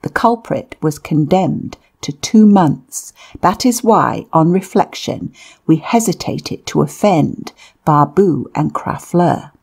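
A woman narrating a memoir-style audiobook in a measured, deliberate reading. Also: low voice, animated, vocal fry, darkish tone, husky.

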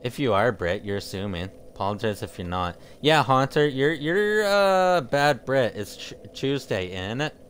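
A man's voice: mid-range voice, big pitch swings, moderate pace, hardly any pauses, a bit bright, a little hiss or hum. A man streaming a video game, chatting casually with viewers and often tripping over his words. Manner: rambling, jokey, trips over his words. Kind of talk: casual chat with live viewers while gaming.

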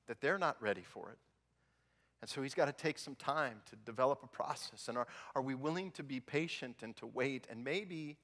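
A male pastor preaching a sermon in a large church sanctuary, telling stories with animation and dropping low and soft to drive home a point. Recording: long reverb in a big hall.

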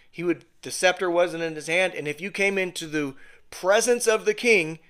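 A man teaching a Bible passage to a small home fellowship, unhurried and conversational. His voice sits a bit high for a man, and he keeps checking that his listeners are following along. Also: fairly bright tone. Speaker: Bible study leader. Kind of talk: informal sermon teaching.

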